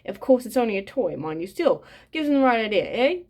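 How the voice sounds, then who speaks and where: A woman's voice: a little high, very animated, brisk, a little mellow, pitched above the performer's own voice. A woman reading aloud, voicing a jovial, boastful middle-aged father who chuckles and brags.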